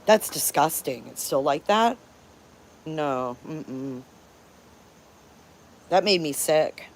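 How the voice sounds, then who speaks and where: Her voice is deep and expressive, and she takes her time. She's a Detroit, Michigan woman in her fifties running a live-stream storytelling chat, swearing freely and speaking with candor and emphasis.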